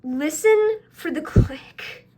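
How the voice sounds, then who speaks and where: A woman's voice: sits high, lively intonation, drawn-out words, warm tone, a little hiss or hum. A woman reacting to her own old comic dub, laughing at herself and giving chatty tips. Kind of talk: casual reaction commentary.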